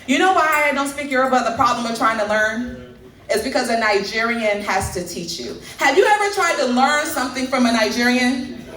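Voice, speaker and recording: A woman's voice: a little high, animated, brisk, a bit bright. A woman in her thirties doing a stand-up set, chatting and teasing the audience. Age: 30s. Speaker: stand-up comedian. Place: comedy club stage. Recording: echoey club from far mic.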